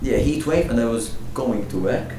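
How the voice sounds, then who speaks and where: In a mid-range, expressive voice at normal speed, a young man hosts a podcast, chatting casually with rambling jokes and lots of laughs. Crowd noise is present, and the distant mic gives a roomy echo with faint noise.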